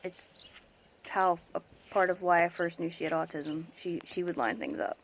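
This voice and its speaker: A woman's voice: on the low side, steady tone, normal speed, a little hiss or hum. A young woman venting in a casual vlog about remarks made to her as an autism parent, emphatic and exasperated, sometimes mimicking other people.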